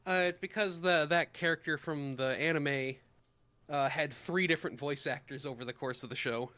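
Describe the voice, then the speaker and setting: Bright, slightly high man explaining haltingly. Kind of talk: casual chat.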